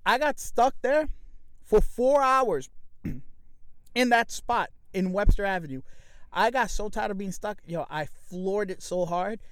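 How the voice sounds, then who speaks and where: High-pitched new guy ranting a crazy story, swears nonstop, super dry sound. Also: clean tone, no room sound. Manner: profane, animated storytelling, acts out quotes. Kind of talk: casual chat.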